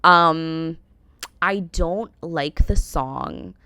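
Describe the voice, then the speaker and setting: A woman's voice: low-pitched, sing-song, extremely slow, bright, forceful tone, clear, resonant tone, no room sound. An American woman in her thirties rambling through a casual, opinionated reaction vlog, full of "like" and "um". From United States. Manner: rambling, heavy use of "like" and "um". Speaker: reaction vlogger.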